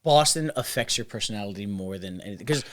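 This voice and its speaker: A man's voice: fairly low pitch, expressive, fast. A man co-hosting a podcast, telling stories in loose, profane casual chat and mimicking the people in them. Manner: loose storytelling, swears a lot, mimics people. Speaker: podcast co-host.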